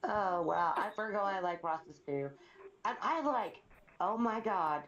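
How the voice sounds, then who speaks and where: A woman's voice: medium pitch, expressive, measured pace, a bit bright, slight background noise. A middle-aged woman chatting casually on a live stream, rambling through stories and laughing often. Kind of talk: casual chat. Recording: roomy, slightly dull stream audio.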